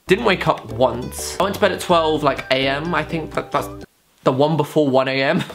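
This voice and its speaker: Brief: camp young vlogger, sassy asides, squeals, music bed underneath. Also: male voice, on the high side, normal speed, a bit bright. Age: young adult. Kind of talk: casual haul vlog. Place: bedroom with studio light. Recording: music playing behind the voice.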